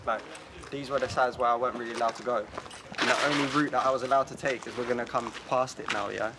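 Slangy man on a noisy street. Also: mid-range voice. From Poland. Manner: animated, slangy, quick to laugh. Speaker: musician showing his childhood neighbourhood. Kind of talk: casual walking tour chat. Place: outdoors on city streets. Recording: street noise and traffic outdoors.

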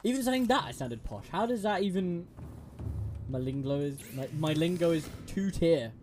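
A man's voice: a little high, normal speed, darkish tone, faint music behind. A young man streaming a game, chatting to a friend, giggling and stumbling over restarts. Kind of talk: casual gameplay chat with a friend.

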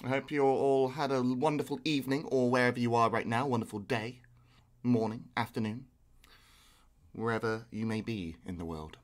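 Over game music, a man with a medium-pitched voice rambles casually at a moderate pace while streaming a game, swearing freely.

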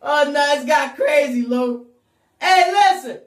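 A woman hosting a rowdy call-in radio show, loud and repetitive, often shouting and laughing. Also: sits high, lively intonation, slow pace. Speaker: radio talk show host. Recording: echoey room.

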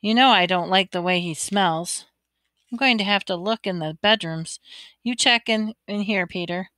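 A woman voicing a busy, fussy mother in a storybook reading, brisk and exasperated. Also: medium pitch, sharp tone, no echo, lightly acted. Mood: worried.

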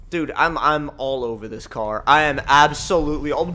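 A man giving excitable, jokey, rambling commentary while playing a racing game. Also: on the high side, normal speed, hardly any pauses, soft background music. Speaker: gaming channel host. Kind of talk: gameplay commentary.

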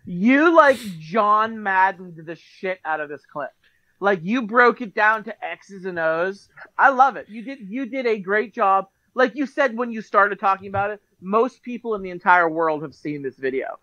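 A podcast co-host with a bright, forceful voice chats casually. The host chimes in with quick reactions and jokes, and heaps praise on the other host's story. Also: mid-range voice, animated, lo-fi sound. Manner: reacts with short interjections, jokey and full of praise. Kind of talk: casual chat.

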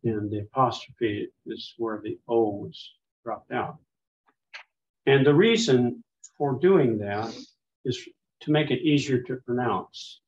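A man's voice: medium pitch, unhurried, darkish tone. A man teaching a casual class, patiently explaining things with examples. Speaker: Greek teacher. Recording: muffled with faint background noise.

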